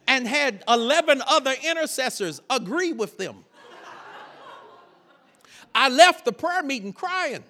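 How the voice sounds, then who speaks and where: Male preacher, lively sermon, bright voice, laughing and shouting bursts. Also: very high-pitched, unhurried, pauses often. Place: church sanctuary.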